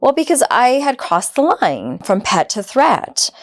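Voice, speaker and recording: A woman's voice: a little high, big pitch swings, a little slow. A woman hosting a podcast, talking earnestly and conversationally, often saying "like" and acting out quoted dialogue. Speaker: podcast host. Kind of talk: reflective podcast monologue.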